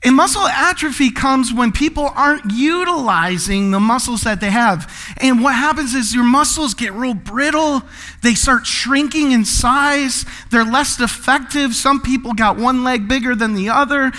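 A man's voice: very high voice, normal speed, sharp tone. A man pastor preaching a sermon in a playful way, acting out comic voices and laughing often between points.

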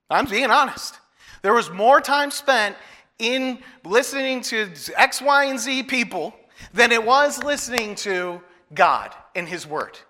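A man's voice: high voice, bright, forceful tone. A male pastor preaching a sermon, telling a personal story and asking the congregation questions. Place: church hall. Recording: long hall reverb.

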